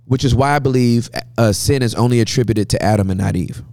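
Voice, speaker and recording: A man speaking as a guest pastor, telling animated sermon-style stories with a preacher's cadence and frequent laughter. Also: mid-range voice, quick pace, dry recording.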